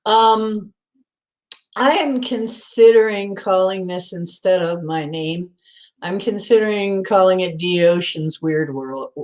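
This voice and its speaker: A woman's voice: lowish voice, darkish tone. A middle-aged woman hosting a casual live chat, laughing often and reading out viewers' comments. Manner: giggly, laughs often, reads comments aloud. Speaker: livestream host.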